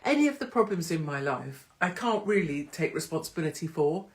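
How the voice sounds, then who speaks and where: A woman's voice: low-pitched, very animated, a little fast. A middle-aged woman hosting a casual live-stream chat on her phone, teasing and greeting viewers by name. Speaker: host of a live online pub show. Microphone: phone livestream.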